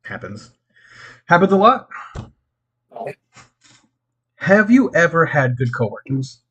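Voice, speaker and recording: A man's voice: fairly high pitch, sing-song, slow, a bit bright, breathy edge, highs cut off. Laid-back man in casual chat. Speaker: podcast co-host.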